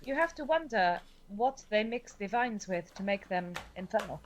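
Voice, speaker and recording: A woman's voice: medium pitch, lively intonation, moderate pace, lo-fi sound, slight background noise. A woman playing a tabletop game, curious and joking. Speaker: player. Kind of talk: casual tabletop role-play.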